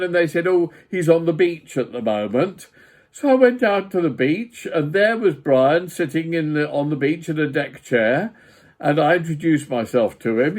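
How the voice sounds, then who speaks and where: A man's voice: fairly high pitch, darkish tone. A man in his seventies reminiscing in a vlog, chatty and digressive, with frequent asides. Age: 70s. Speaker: vlogger. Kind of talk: storytelling, personal reminiscence.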